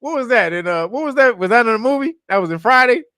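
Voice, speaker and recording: A man hosting a casual commentary show, rambling and profane, who corrects himself often and breaks into loud laughter. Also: very high voice, expressive, fast, no echo, clean studio sound. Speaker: show host.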